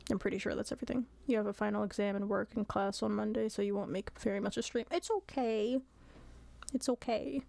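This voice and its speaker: A woman's voice: mid-range voice, fairly even intonation, fairly quick, creaky, darkish tone, no echo. Woman streamer, casual chat, laughs often, dry close sound. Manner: giggly, apologetic, chatty.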